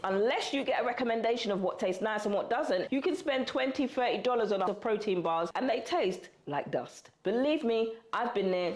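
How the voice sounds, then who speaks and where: Chatty woman vlogging in an echoey kitchen. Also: mid-range voice. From United Kingdom. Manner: chatty, animated, calls viewers girl and baby. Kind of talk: casual cooking vlog talk to camera. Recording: roomy echo.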